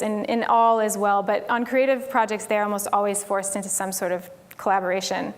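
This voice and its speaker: A woman's voice: medium pitch, a little fast, few pauses. A woman from Tennessee giving a casual conference talk on stage, chatty and full of "like" and "um". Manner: chatty, frequent "like" and "um" fillers. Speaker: conference speaker.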